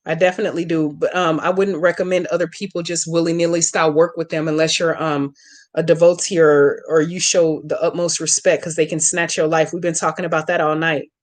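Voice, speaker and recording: A woman with a slightly low voice talks casually on a live stream, answering viewers' comments one by one. She is blunt and outspoken, swears freely, and speaks to her audience by name. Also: little pitch movement, brisk.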